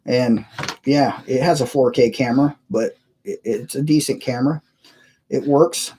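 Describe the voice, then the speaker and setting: A man chatting casually on a live stream from his computer, his voice warm and mellow at a middling pitch. He wanders from story to story, chuckling and reading out viewers' messages. The sound comes through a cheap webcam mic. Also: a little slow, breathy edge. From United States. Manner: rambling, chuckling, reads chat aloud.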